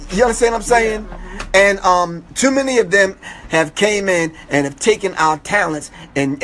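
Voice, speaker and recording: A man with a high voice talks in a relaxed interview, pressing his points with emphasis and often asking whether he is understood. Faint noise sits under the recording. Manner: emphatic, repeats "you understand what I'm saying". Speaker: interview guest. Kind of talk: casual conversational interview.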